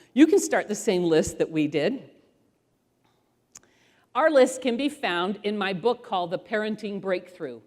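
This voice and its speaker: Middle-aged lady giving a parenting talk, animated storyteller, pitch jumping all over, big echoey hall. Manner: animated storyteller who acts out voices. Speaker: parenting author and speaker. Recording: long hall reverb.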